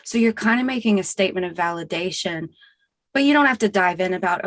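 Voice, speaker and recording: A woman guest clinician explaining calmly and gently in a casual panel discussion. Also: on the low side, fast, no echo.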